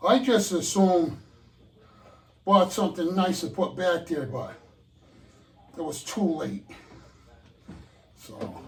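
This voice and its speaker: A man's voice: sits high, animated, takes it slowly, gravelly, long pauses, a little hiss or hum. An older man muttering and cursing to himself, out of breath as he works on model train benchwork. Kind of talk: casual self-talk while working. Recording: roomy echo, mic at a distance.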